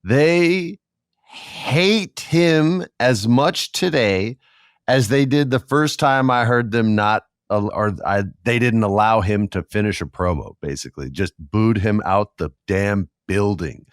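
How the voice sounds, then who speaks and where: A man's voice: fairly low pitch, moderate pace, hardly any pauses, clean tone, no room sound, clean studio sound. A man hosting a podcast, telling stories casually and acting out the people he quotes. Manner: animated storyteller, acts out quoted voices. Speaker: podcast host. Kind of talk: casual storytelling chat.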